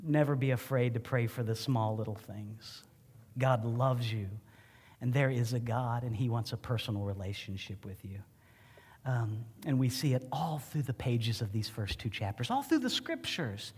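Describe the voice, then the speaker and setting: A man preaching a sermon as pastor, telling a personal story in an emotional, animated way. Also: medium pitch, normal speed, breathy edge, long reverb tail. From Ohio. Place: church.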